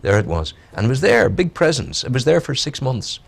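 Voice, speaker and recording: A male radio host musing reflectively in a casual chat, with a lively, swooping delivery. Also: mid-range voice, a little fast, creaky.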